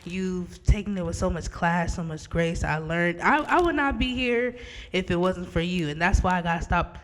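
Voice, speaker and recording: A young woman hosting a podcast, chatting warmly with her mother and laughing often. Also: lowish voice, moderate pace. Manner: warm, laughs often, talks to listeners as "y'all". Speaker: podcast host. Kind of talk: casual chat. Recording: roomy reverb.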